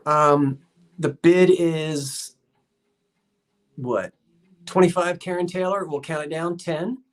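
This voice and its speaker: A shop-based live-stream seller talks slowly at a medium pitch, rambling casually and poking fun at themself. They read out viewers' comments and count down bids, all indoors.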